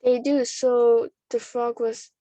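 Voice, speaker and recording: A woman voicing a sad, hungry young schoolgirl in a storybook reading, quiet and apologetic. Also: fairly high pitch, level tone, slow, a little hiss or hum.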